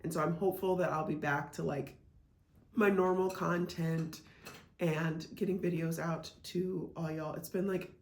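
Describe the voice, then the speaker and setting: A woman's voice: on the low side, fairly even intonation, unhurried. A woman from Iowa, chatting casually as a reselling vlogger, full of "like" and "um" fillers. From Iowa, United States. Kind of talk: casual vlog chat. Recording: echoey room.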